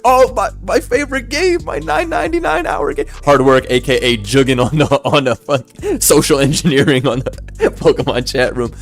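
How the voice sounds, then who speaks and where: A young man telling a story casually, animated and swearing, acting out voices. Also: mid-range voice.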